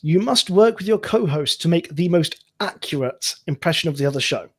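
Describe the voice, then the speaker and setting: A man's voice: fairly high pitch, expressive, a little fast, husky. Rambling man explaining rules. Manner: rambling, chatty, with many fillers and restarts. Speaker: co-host. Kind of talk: casual chat.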